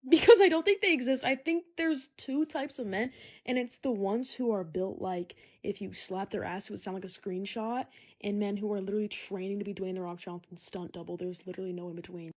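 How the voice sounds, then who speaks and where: A teenage girl delivering a sarcastic comedic monologue, with dramatic loud bursts of indignation. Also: medium pitch, fairly quick. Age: teens. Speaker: comedy vlogger.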